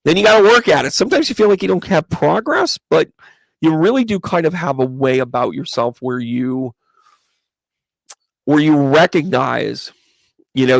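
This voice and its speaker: Chatty man reading tarot cards live, gravelly. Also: mid-range voice, no room sound. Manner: chatty, greets viewers by name, thinks aloud. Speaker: psychic medium giving tarot readings.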